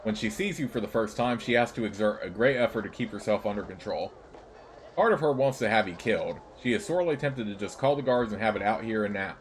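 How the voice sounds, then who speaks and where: A man narrating a let's play, reading the game's text aloud at a steady, measured pace. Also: lowish voice, a little hiss or hum.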